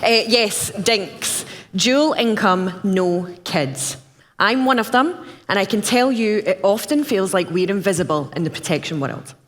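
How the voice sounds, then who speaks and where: A woman's voice: mid-range voice, expressive, a little slow. A woman with a Scottish accent giving a candid, personal conference talk. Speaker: conference speaker. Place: conference hall. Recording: reverberant hall.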